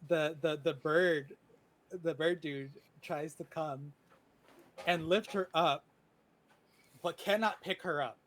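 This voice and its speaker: A man running a tabletop game as dungeon master, telling the story in an unhurried way with many fillers. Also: fairly high pitch, a bit bright. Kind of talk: narrating a tabletop game over a video call.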